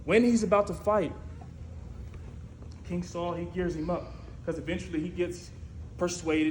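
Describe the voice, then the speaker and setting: Male preacher, storytelling sermon, high pitch, lively asides, roomy church echo. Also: measured pace, long pauses. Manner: lively, conversational, frequent "right?" asides. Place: church sanctuary. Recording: echoey church room with faint noise.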